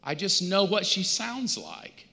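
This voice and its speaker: High, bright-voiced pastor in a reverberant hall. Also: male voice, wildly swooping pitch, slow, creaky. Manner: conversational storytelling with humor. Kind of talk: sermon.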